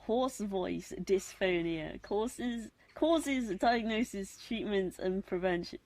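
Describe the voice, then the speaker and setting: Husky posh British woman, unhurried. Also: darkish tone. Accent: posh British English. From Britain. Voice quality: husky, deepish speaking voice. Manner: rambling, giggly, self-mocking asides. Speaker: live streamer. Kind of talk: casual late-night stream chat.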